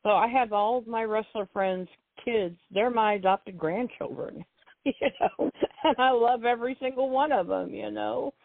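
A woman's voice: fairly high pitch, moderate pace, creaky, dry recording. Older woman chatting over a tinny phone. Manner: rambling, chatty, repeats herself. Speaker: guest, wrestling fan. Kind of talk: casual phone chat. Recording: tinny dry phone line.

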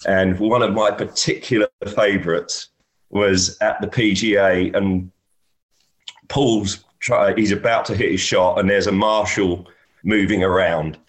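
A man's voice: sits low, steady tone, unhurried. A man, a golf caddy, telling anecdotes in a casual chat and often laughing as he talks.

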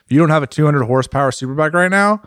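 Guy co-hosting a podcast, chatty and animated, acts out what riders think, dry close sound. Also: on the high side, no room sound. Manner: animated, acts out riders' thoughts in quick bursts. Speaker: podcast co-host. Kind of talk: casual motorcycle chat.

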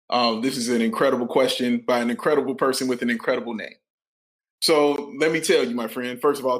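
A man's voice: on the high side, a bit bright. A man co-hosting a podcast in a laid-back, joking casual chat. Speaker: podcast co-host.

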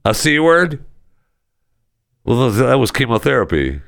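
Gravelly sarcastic podcast host, man. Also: mid-range voice, sing-song, measured pace, a bit bright, dry recording, studio quality. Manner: sarcastic, exasperated, swings into mock voices. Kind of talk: casual comedic talk-show rant.

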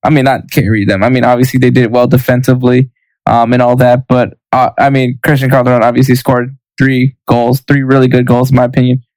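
A man's voice: mid-range voice, flat delivery, fairly quick, a little mellow, no echo, poor audio. A man co-hosting a casual soccer podcast, speaking hesitantly with stammers and restarts. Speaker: podcast co-host. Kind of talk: casual sports chat.

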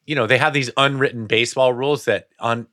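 A man's voice: medium pitch, steady tone, fast, sharp tone. A man who once played the game, co-hosting a casual sports talk show and talking in a rambling, chatty way. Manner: rambling, chatty, laughs often.

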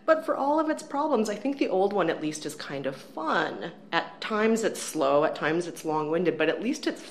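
A woman co-hosting a casual film review chat, wry and animated, poking fun at the movie. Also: fairly low pitch, normal speed, a little hiss or hum. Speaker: film critic co-host.

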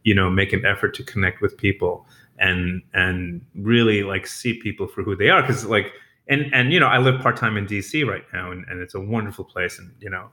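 A chef from New York telling stories in a casual interview, animated and laughing, with frequent restarts. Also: male voice, sits low, fairly quick.

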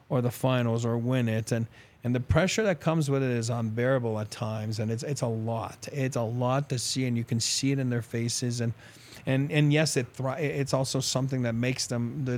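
Middle-aged man, ex-player guest, rambling storyteller, casual podcast talk. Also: medium pitch. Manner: rambling, animated anecdotes with quoted dialogue and laughs. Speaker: former pro hockey player, new team reporter.

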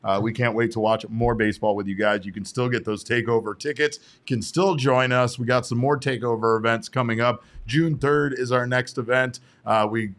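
A hoarse man talking sports on a casual podcast, excitable and given to playful rants. His pitch sits in an ordinary middle range for a man. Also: moderate pace, hardly any pauses.

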